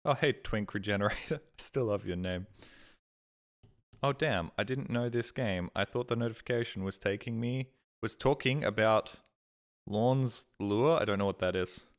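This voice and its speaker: A low-pitched man talks casually to his stream chat from home. He rambles, swears freely and pokes fun at himself, speaking into a desk mic. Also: moderate pace. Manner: rambling, sweary, self-deprecating.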